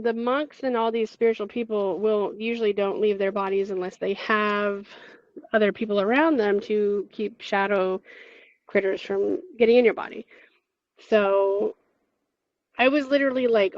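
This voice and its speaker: A woman's voice: medium pitch, no echo. A woman guest telling a story in a chatty way, full of fillers, restarts and laughs, over a video call. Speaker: interview guest. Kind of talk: casual spoken storytelling. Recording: dull lo-fi, dry.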